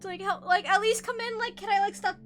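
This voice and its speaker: A woman's voice: very high voice, fairly even intonation, fast, a bit bright, soft background music. A woman streaming a video game, reacting in a panicked, exclaiming way and repeating herself. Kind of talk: let's play commentary.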